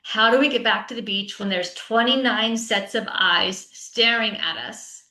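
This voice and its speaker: A woman's voice: fairly high pitch, unhurried, bright, forceful tone. A woman giving a conference talk to teachers as a teacher coach. She speaks conversationally and often checks in with "right?". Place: online session with a chat. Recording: roomy echo.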